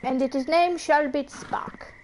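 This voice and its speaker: A woman's voice: high voice, a little slow, slight background noise, low-quality recording. Chatty Australian woman gaming. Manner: chatty, rambling, with frequent giggles and fillers. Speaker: gaming streamer. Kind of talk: casual chat while gaming.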